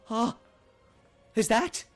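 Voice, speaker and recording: A man voicing a frail, cowardly old elven man with a high, strained, quavering voice, over faint music. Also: drawn-out words. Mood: pleading. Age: older.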